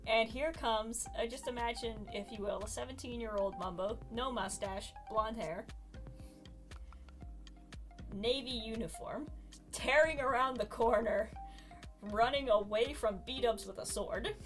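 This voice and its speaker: A woman with a fairly high voice casually retells a story while she plays a game, lively and giggly, often breaking into laughter. Faint music plays behind her. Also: a little slow.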